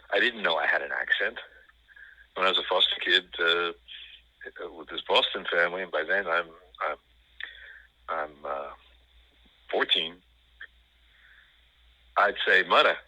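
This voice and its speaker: An older man with a New York accent, talking in an interview in a rambling, halting way with many fillers and restarts. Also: low-pitched, bright, forceful tone, no room sound, poor audio. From New York City. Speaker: guest. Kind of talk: conversational interview.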